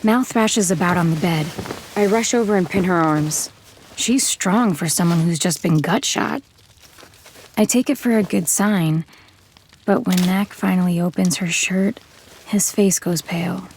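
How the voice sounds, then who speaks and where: A woman narrating an audio drama in first person as a tough, terse gunslinger, in a measured, hard-bitten way. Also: on the low side, a little mellow, slight background noise, close to an everyday voice.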